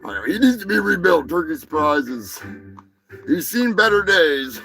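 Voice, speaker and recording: A man hosts a live show, rambling through crude jokes in a casual, high-sounding way. His voice is high and bright with a gravelly edge, and it swings widely. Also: sing-song, a little slow, faint music behind, poor audio. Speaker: host.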